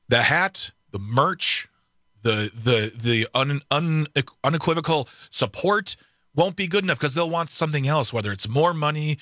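A man co-hosting a political talk radio show, talking in a sarcastic, animated way with frequent stumbles and restarts. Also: fairly high pitch, no echo, clean studio sound. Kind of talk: casual political radio chat.

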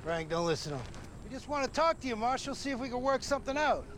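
A man's voice: extremely high pitch, sing-song, quick pace, fairly bright tone, slight background noise, full character voice. A jittery, wheedling gunman. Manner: pleading, chatty, nervous laughs. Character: nervous, wheedling male gunman. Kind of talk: TV drama acting. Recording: faint outdoor ambience.

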